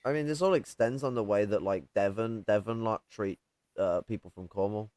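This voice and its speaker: A man on a live stream chatting casually in a sweary, halting way. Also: lowish voice, darkish tone, no echo. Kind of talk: casual late-night chat.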